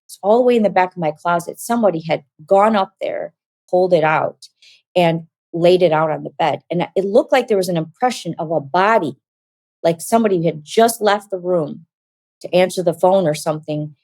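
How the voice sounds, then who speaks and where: Low-voiced woman telling a story. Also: normal speed, no room sound. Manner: animated storytelling, acts out quoted dialogue. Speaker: guest. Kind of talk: telling a personal story in an interview.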